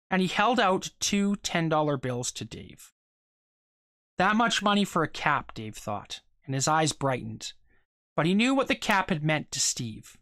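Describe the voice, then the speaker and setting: A reader telling a short story aloud in a steady voice, with small stumbles and repeated words. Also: mid-range voice, measured pace, no echo, studio quality.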